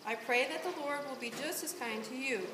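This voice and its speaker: A woman's voice: sits high, fairly quick, close to an everyday voice. A woman volunteer reading the part of Naomi, a grieving widow, aloud in church. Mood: pleading. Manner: earnest plain read-aloud delivery. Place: church sanctuary. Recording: echoey church room with hiss.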